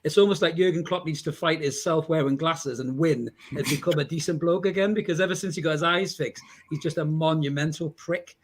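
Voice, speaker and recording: An English man leads a relaxed football podcast with loose, joking banter. His voice sits a little high for a man and has a husky edge. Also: a little fast, few pauses. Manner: chatty, banter-filled, swears casually. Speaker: podcast host. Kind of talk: casual football podcast chat.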